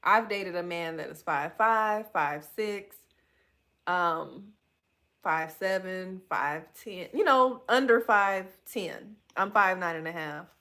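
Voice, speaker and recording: A woman's voice: lowish voice, slow pace, pushed and bright. A woman, talking candidly and with animation, calling her listeners y'all. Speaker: podcast host. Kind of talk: solo podcast talk reading live chat.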